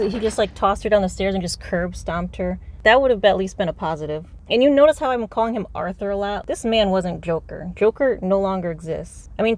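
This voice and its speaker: A woman's voice: mid-range voice, darkish tone. Woman, car vlog, unscripted rant: exasperated, profane, rambling. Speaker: movie reviewer. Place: inside a parked car.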